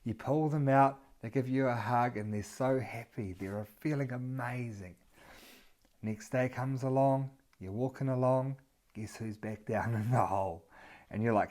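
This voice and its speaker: A man's voice: medium pitch, unhurried. A man and regular vlogger telling a story straight to camera in a casual, conversational way, talking the viewer through it. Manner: relaxed, conversational, second-person storytelling.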